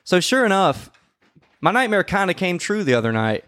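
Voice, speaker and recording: A man telling a story in casual podcast chat, swearing often and acting out quoted lines loudly. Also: high-pitched, moderate pace, no echo. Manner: profane, animated, acts out quotes loudly. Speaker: podcast co-host.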